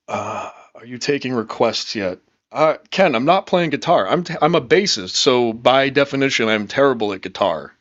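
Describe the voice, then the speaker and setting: A man's voice: fairly low pitch, lively intonation, moderate pace, fairly bright tone, no room sound, dull audio. A man hosting a casual livestream, upbeat and rambling, reading chat comments and swearing freely. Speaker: livestream host.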